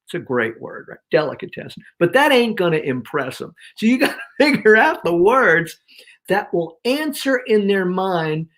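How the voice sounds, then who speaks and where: Guy in his sixties telling stories on a talk show, slangy and punchy, voice jumping all over, laughs a lot. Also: a little high. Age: 60s. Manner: lively, slangy, emphatic, laughs often. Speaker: guest speaker and author. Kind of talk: animated storytelling in an interview.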